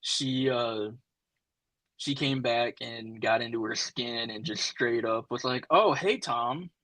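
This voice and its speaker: A man in a casual movie review podcast chat, relaxed and a little hesitant, full of fillers as he compares the film to the comics. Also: medium pitch, slow pace, no room sound, rough recording. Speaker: podcast co-host.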